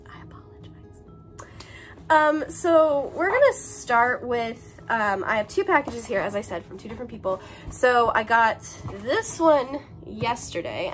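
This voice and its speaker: Bubbly woman in her twenties, slightly sick, lively pitch, light music bed. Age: 20s. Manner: bubbly, gushing, breaks into brief song bits. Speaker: YouTuber unboxing a swap package. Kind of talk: casual unboxing chat.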